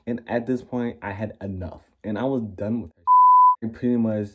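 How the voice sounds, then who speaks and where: A young man vlogging, telling a school story in a casual, sassy, animated way and acting out what people said. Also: medium pitch, moderate pace, phone-quality sound, heavy background noise. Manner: animated, sassy, acts out quoted lines.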